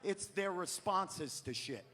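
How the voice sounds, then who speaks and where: A stand-up comedian from New England, ranting loudly and profanely through a live set on a theater stage. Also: male voice, sits high, animated, takes it slowly. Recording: live theater with long reverb.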